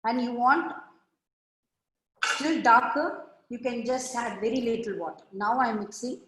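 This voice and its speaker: Woman, art teacher, patient step-by-step, slightly high voice, echoey room on a video call. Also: measured pace, fairly bright tone, a little hiss or hum. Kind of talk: online art class demonstration.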